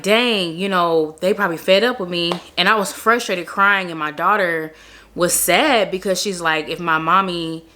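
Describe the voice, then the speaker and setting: A woman's voice: low-pitched, pushed and bright. A young woman telling her personal faith testimony in a casual, earnest way, full of "like" fillers. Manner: chatty, many "like" fillers, earnest. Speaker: vlogger sharing a faith testimony.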